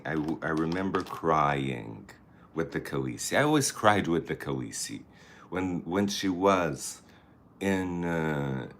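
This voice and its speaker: A man's voice: extremely low pitch, a bit bright, slight background noise. A man vlogging a get-ready-with-me routine, chatting in a campy, playful way. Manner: chatty, campy, talks to the camera and people nearby. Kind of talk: casual get-ready-with-me chat.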